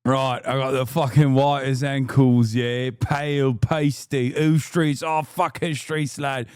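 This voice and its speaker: A man putting on a mock British accent to play a shouting, swaggering far-right lad. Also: mid-range voice, level tone, takes it slowly, clean tone, dry recording, clean studio sound, natural voice. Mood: rowdy. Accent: put-on British. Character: rowdy, loud-mouthed British far-right lad, male.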